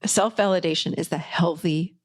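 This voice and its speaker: A middle-aged woman who hosts a podcast and works as a life coach delivers an upbeat, encouraging motivational talk. Her voice sits on the low side, her pace is moderate, and her delivery is emphatic.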